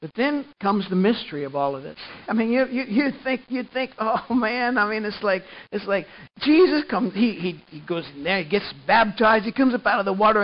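A man preaching a sermon as pastor, animated, swinging from hushed tones to loud emphasis and often repeating words. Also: high-pitched, muffled recording.

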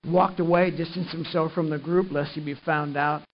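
A man preaching a sermon and retelling a gospel story, swinging from quiet narration up to loud, emphatic passages. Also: on the high side, steady tone, normal speed. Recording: muffled lo-fi recording with faint hiss.

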